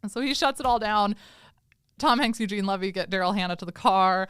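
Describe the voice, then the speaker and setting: A woman's voice: medium pitch, fairly quick, a bit bright, smooth, no echo, studio quality. A woman co-hosting a podcast, recapping a movie in casual chat and acting out the characters' lines as she goes. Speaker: podcast co-host.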